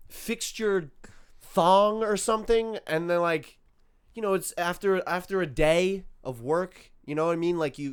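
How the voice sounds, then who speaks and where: A young man co-hosting a podcast, telling a story in casual chat, swearing and breaking into loud, laughing bursts. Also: a little high, clear, resonant tone, no room sound, clean studio sound. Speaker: podcast co-host.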